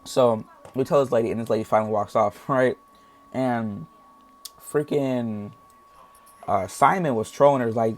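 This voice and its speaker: A man's voice: medium pitch, a little slow, long pauses. Young male storyteller, casual and rambling, full of slang. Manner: rambling, heavy slang, acts out voices. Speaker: storytime vlogger.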